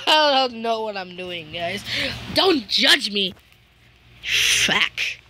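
A woman giving casual gameplay commentary, excitable, humming little tunes and yelping and shouting at other players. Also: mid-range voice, unhurried, slight background noise. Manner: hums and sings little tunes while playing. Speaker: gamer.

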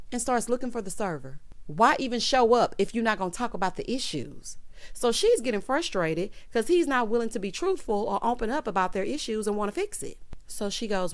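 A woman's voice: a little high, big pitch swings, quick pace. Woman, sassy, casual show recap, chatting to viewers. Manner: sassy, talks straight to viewers, calls them honey and child. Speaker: YouTube reality TV recapper.

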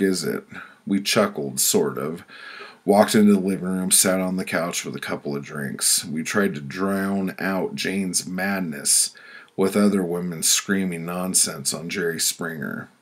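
A man reading his own story aloud in a deadpan, blunt manner, with sudden loud outbursts. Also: low voice. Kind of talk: spoken-word storytelling.

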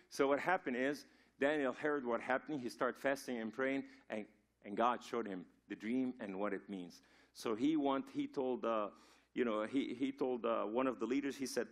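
Man, from Lebanon, guest preacher, church sermon, storytelling, many restarts, middle pitch. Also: moderate pace. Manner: loose storytelling sermon with frequent restarts and "you know". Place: church sanctuary.

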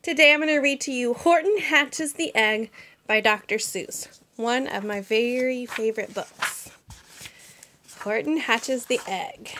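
A teacher, a woman, reading a rhyming picture book aloud to children with an expressive storytelling manner. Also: fairly high pitch, unhurried, a little hiss or hum.

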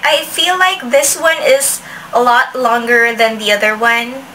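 A woman with a high, bright voice chats casually through a product review, often restarting her sentences. She sounds a little far from the mic, with a faint hiss behind her. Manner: chatty, with restarts and frequent "like". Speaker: beauty vlogger.

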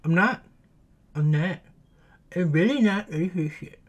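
A man hosting a music video reaction, excitable and swearing freely, talking to himself and squealing when thrilled. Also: high-pitched, normal speed, lo-fi sound. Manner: talks to himself aloud. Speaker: reaction channel host. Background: faint music video playing.

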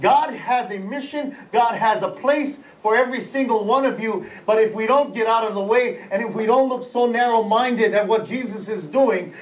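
A man, senior pastor, preaching a lively, animated live sermon. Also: sits high, normal speed, hardly any pauses, far from the mic. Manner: lively, animated, with sound-effect words. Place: large auditorium during a church service. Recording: echoey hall, voice away from the mic, faint ambience.

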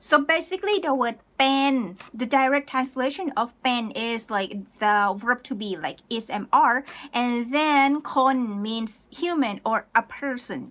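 A woman with a high voice teaches a live online language lesson. She explains each point step by step, reads viewers' comments aloud and answers them, and speaks through a desk mic set up for streaming. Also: animated, brisk, hardly any pauses, fairly bright tone.

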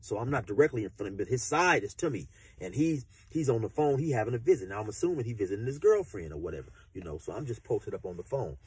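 A man tells a story in a relaxed, slangy way, cursing freely and circling back as he goes. His voice is husky, with a lively, swinging pitch. The sound is dry and close. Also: quick pace, no room sound. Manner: laid-back slangy storyteller, profane, rambling. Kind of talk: casual storytelling.

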